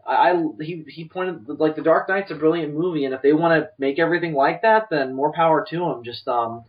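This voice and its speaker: A man co-hosting a podcast, rambling through animated opinions with lots of restarts. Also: on the high side, fairly quick, few pauses. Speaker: podcast co-host. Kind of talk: casual chat. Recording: distant, dull lo-fi podcast mic.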